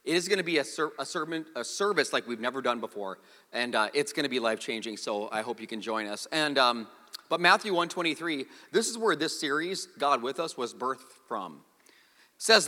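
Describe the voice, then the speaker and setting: Animated guy preaching, bright sharp voice, long hall echo. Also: medium pitch, normal speed. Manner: animated storytelling with jokes. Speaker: pastor. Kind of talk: sermon.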